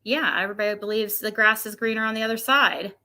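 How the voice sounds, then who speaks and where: A woman's voice: medium pitch, fairly even intonation, fast talker, sharp tone. A woman streamer chatting casually to her viewers, rambling, with many restarts. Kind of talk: casual chat.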